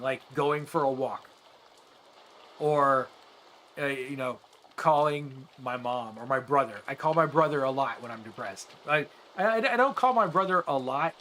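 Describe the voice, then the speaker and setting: A man's voice: a little high, lively intonation, moderate pace, fairly bright tone, a little hiss or hum. A man streaming a game and chatting earnestly with his viewers, rambling with frequent restarts. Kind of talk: casual chat with live viewers while gaming.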